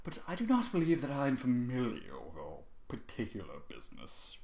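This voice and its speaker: A man's voice: mid-range voice, wildly swooping pitch, fairly quick, vocal fry, a little mellow. A man doing a pompous, stuffy stallion. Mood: prim. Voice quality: stiff formal manner.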